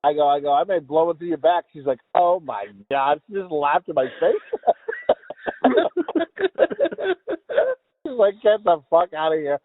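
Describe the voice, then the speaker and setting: A man's voice: fairly high pitch, measured pace, pauses often, dry recording. A man co-hosting a podcast, rambling through crude jokes and laughing often. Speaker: podcast co-host. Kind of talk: crude casual banter. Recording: tinny phone-like sound.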